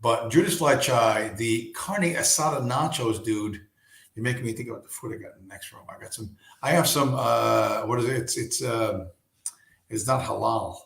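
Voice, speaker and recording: A man hosting a casual late-night livestream from home, hoarse and losing his voice, talking in a rambling, profane way full of restarts. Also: mid-range voice, moderate pace, fairly bright tone, echoey room. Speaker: livestream host.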